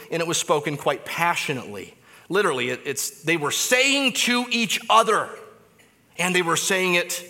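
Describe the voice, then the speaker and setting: A man delivers a sermon in a church sanctuary, his voice bright and a touch higher than most men's. He swings from loud, emphatic lines to hushed, low phrases. The sound carries a long hall reverb. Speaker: pastor.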